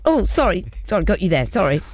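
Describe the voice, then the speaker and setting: A woman's voice: on the low side, sing-song, fast talker, a little mellow. A middle-aged woman hosting a casual panel chat, laughing easily and chatting with small apologetic asides. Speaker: host.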